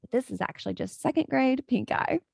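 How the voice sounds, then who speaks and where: A woman's voice: high voice, expressive, fairly quick, gravelly, a little mellow, dry recording, clean studio sound. A woman, chatting casually as a podcast host and telling family stories with frequent laughter. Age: 40s. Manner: chatty and storytelling, laughing often. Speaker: podcast host, life coach. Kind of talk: casual solo podcast chat.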